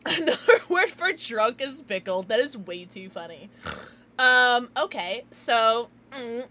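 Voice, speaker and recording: A bright, high-voiced young woman talks into a desk mic at her home stream setup. She chats with viewers in a giggly, tipsy way, and her pitch swings widely from line to line. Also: lively intonation, slow pace. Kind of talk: casual livestream chat with viewers.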